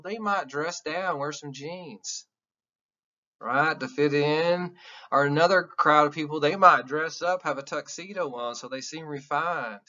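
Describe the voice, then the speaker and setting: A Southern-accented man lectures a class casually and bluntly, swearing freely. His voice is bright and edgy, and the recording sounds dull and lo-fi. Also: fairly high pitch. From American South. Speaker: college instructor.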